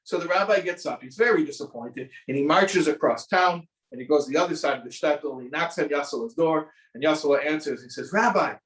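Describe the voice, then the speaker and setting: A male rabbi gives an animated sermon-style lecture in a fairly high voice, often repeating words and restarting his sentences. His voice sounds roomy and comes from some distance from the mic. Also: quick pace, hardly any pauses. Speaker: rabbi and teacher.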